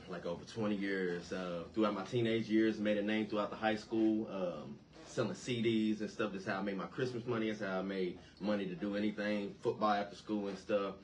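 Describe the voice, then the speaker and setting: Low-voiced male musician guest in his thirties, laid-back storyteller. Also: slight background noise. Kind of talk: casual interview talk.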